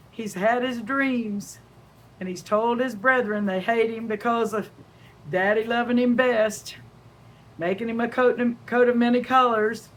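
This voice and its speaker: A woman's voice: on the high side, a little hiss or hum, rough recording. An older woman giving a homely Bible lesson, reading scripture aloud and chatting about it, asking questions and answering them herself. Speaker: Bible teacher.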